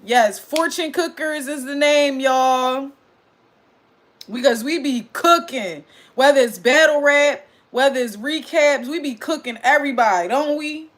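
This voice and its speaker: Loud and excited, a high-pitched woman runs a casual recap livestream, talking with her chat at moderate pace and reading out what they comment.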